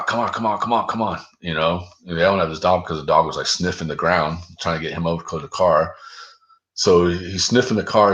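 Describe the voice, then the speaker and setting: A man with a very low voice and a forceful, bright edge tells a long personal story. He talks loosely and profanely, filling his talk with 'dude' and 'like'. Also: muffled recording. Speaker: guest. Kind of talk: casual storytelling.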